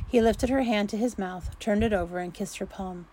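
A woman narrating a romance story in an unhurried amateur reading, going back to redo fumbled sentences. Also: mid-range voice, dark tone, slight background noise, poor audio.

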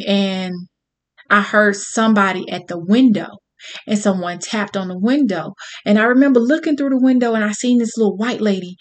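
Woman storyteller, candid and profane, talks straight to the crowd with lively drive. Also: medium pitch. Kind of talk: personal storytelling to an audience.

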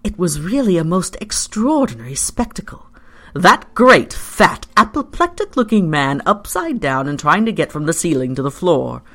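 Bright, expressive storyteller. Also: medium pitch. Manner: measured, expressive first-person storytelling. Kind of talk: scripted narration of a story.

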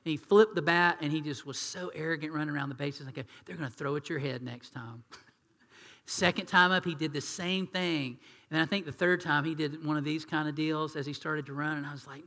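A man preaching a sermon, animated and acting out quoted voices in hushed tones. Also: fairly high pitch, fairly quick, big-room sound. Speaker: pastor.

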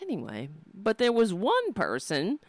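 A man's voice: high voice, huge pitch swings, a little slow, dry recording. A man angrily ranting about politics, swearing constantly, mocking people in put-on voices and admitting he screams at the television. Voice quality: profane, shouting, mocking mimicry. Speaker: political commentary host. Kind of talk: angry ranting commentary.

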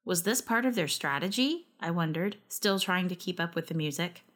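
A woman's voice: lowish voice, expressive, normal speed, a bit bright. Wry woman narrating a story. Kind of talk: first-person story narration.

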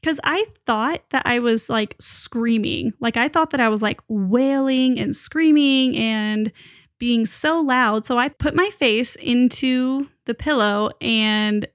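A woman's voice: on the high side, takes it slowly, no echo, clean studio sound. A young woman casually telling a personal story, chatty with lots of fillers and frequent laughs. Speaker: new mother telling her birth story.

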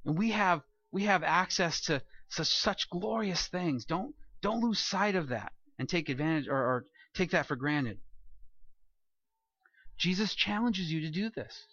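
A man preaching a sermon as pastor, animated, asking rhetorical questions and acting out quoted voices. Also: sits high, measured pace, slightly rough, dry recording, muffled recording.

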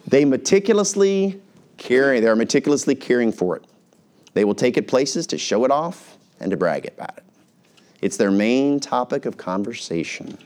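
Male American pastor, casual teaching sermon, lively delivery with quick asides. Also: mid-range voice, slight background noise. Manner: conversational, animated, puts on voices for everyday examples.

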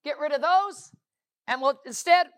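A woman's voice: sits high, unhurried, slight background noise. A woman preaching a sermon, emphatic and repetitive, stacking rhetorical questions.

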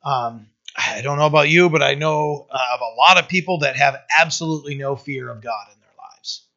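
A man preaching as a pastor in a casual verse-by-verse sermon, talking conversationally with many fillers and reading scripture slowly. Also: on the high side, sharp tone. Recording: dull lo-fi sound.

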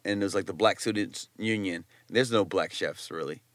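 A man's voice: deep voice, moderate pace, a bit bright, no echo. Profane, slangy man telling stories. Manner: loose, profane storytelling with slang. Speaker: chef and guest. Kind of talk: casual podcast interview.

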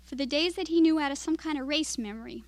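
High-voiced woman reading her story aloud. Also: fast talker, no echo. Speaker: writer reading her work. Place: literary reading event.

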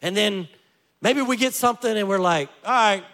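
Male pastor, mid-high voice, animated story-driven sermon with wry humor. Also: moderate pace. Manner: lively storytelling with joking asides.

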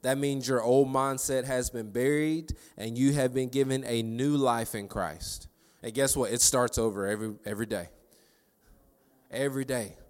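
A man giving a devotional sermon, telling a lively story from his day and building into fervent preaching. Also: medium pitch, normal speed, clear, resonant tone, long reverb tail. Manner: conversational, animated storytelling building to preaching fervor. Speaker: devotional speaker.

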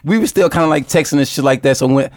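A young man co-hosting a casual podcast, animated and profane, quick to agree. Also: on the high side, dry recording, clean studio sound. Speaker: podcast co-host.

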